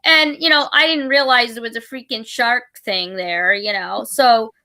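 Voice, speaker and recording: A woman's voice: a little high, normal speed, no echo. A middle-aged woman hosting a casual chat, rambling through a personal story with many restarts and fillers. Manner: rambling, full of restarts and fillers, animated retelling.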